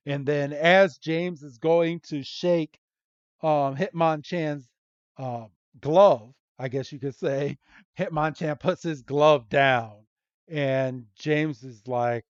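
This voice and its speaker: A podcast host man retells a story in casual chat, slowly, with many ums and frequent giggles. His voice is clear and smooth, a little higher than most men's. The sound is dry and dull, like lo-fi podcast audio. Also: dry recording.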